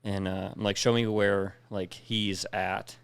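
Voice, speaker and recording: Young guy, low voice, swears a lot while he tells a story, dry close sound. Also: level tone, measured pace, vocal fry, clean tone, no room sound. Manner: profane, recounts with quoted dialogue. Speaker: podcast co-host, veteran. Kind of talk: casual storytelling.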